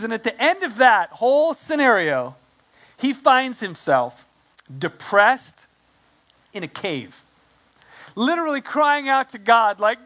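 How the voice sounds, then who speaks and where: A male pastor preaching a sermon in a conversational way, slipping quick acted asides into his telling. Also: high voice, pushed and bright.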